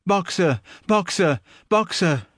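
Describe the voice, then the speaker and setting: A stout, motherly old mare from a storybook, crying out in desperation, as a male narrator puts her on. The voice is raised high above his usual pitch and sounds strained and pleading. The sound is dry and close. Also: animated, slow pace, fairly bright tone, breathy edge, no echo, full character voice. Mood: desperate cries.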